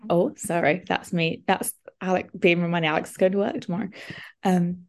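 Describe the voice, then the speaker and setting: A young woman telling a story in a casual podcast chat, animated, with lots of "like". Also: on the low side, moderate pace. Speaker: podcast co-host.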